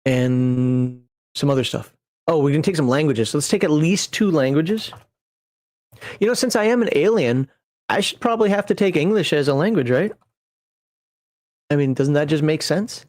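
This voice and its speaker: A man's voice: on the high side, moderate pace, long pauses, a little mellow, no room sound, studio quality. A man hosting a casual livestream as a game master, talking in a rambling, digressive way and chuckling at himself as he builds a character. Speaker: game master and channel host.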